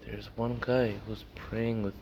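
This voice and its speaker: A man's voice: on the low side, level tone, slow pace, gravelly, a little mellow. A man teaching a casual Torah class, telling stories with lots of fillers and acting out the people in them. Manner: storytelling, acts out characters, many fillers. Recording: dull lo-fi recording with faint noise.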